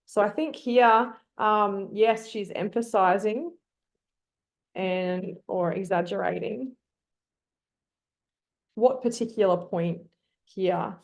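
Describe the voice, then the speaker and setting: A woman leads a live online class over a computer mic. She coaxes her students to join in and pauses with ums as she works out her thoughts aloud. Her pitch sits in a middle range. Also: vocal fry. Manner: coaxing, thinks aloud with frequent ums. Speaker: teacher.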